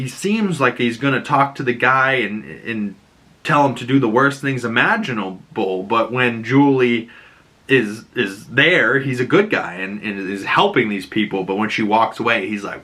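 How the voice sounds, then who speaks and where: A man's voice: mid-range voice, normal speed, sharp tone. A young man recapping a show in a chatty, slangy way, full of "you know" and "like". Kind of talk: casual recap commentary.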